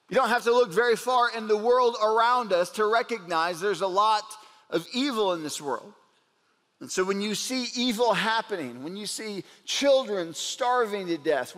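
A man preaching a sermon as a pastor, earnest and slowing down to stress points. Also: high voice, fairly bright tone, in a large hall. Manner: earnest preaching, slows down for emphasis.

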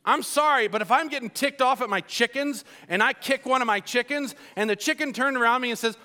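A man preaching a sermon to a congregation, telling the story with lively asides and acted-out voices. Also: very high voice, brisk, hardly any pauses. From Colombia. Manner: animated storytelling, acts out voices.

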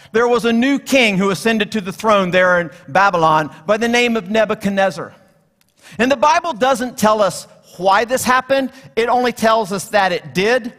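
A high-voiced man delivers a sermon from the pulpit, moving between teaching and storytelling with touches of humor. His voice rings out with a long reverb tail that fills the church. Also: fairly bright tone. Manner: storytelling with jokes, acting out characters. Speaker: guest preacher.

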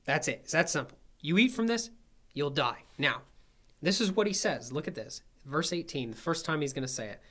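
A man's voice: on the high side, animated, brisk, fairly bright tone. Bible study teacher, man, conversational and explanatory, keeps asking "right?". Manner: explanatory, asks checking questions.

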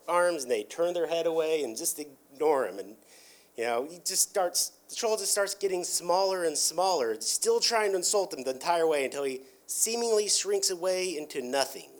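Rambling man, slightly high voice. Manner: rambling, heavy on filler words and restarts. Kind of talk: casual retelling of a cartoon episode.

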